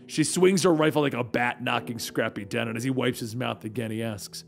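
A man's voice: mid-range voice, a little fast, vocal fry, hardly any pauses, soft background music. A man narrating a comic book story in a dramatic, conversational way.

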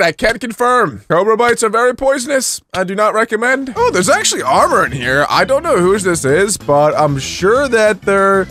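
A young man giving excitable let's-play commentary, yelping and shouting at surprises, with quick asides to viewers. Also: extremely high pitch. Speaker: gaming YouTuber.

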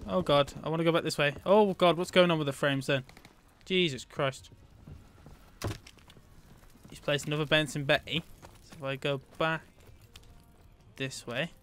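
A British man giving casual, excitable gameplay commentary as a gaming channel host, bantering with himself. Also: fairly high pitch, normal speed, pauses often. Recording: game gunfire and noise behind.

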